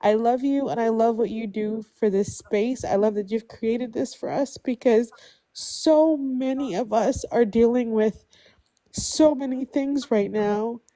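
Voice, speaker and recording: A woman's voice: fairly high pitch, unhurried, warm tone. A woman speaking up on a live stream, emotional and grateful, rambling with many restarts. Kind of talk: heartfelt casual chat.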